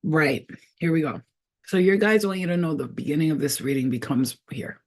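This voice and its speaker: A woman with a husky, breathy voice reads for her viewers, talking straight to the camera. She is streetwise and swears freely, and she repeats herself for emphasis. She halts and trails off as she tries out half-heard names. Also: deep voice, lively intonation, darkish tone. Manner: casual, blunt and profane, with emphatic repetition; halting, trailing off while sounding out names. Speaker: psychic reader. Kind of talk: spiritual reading to camera.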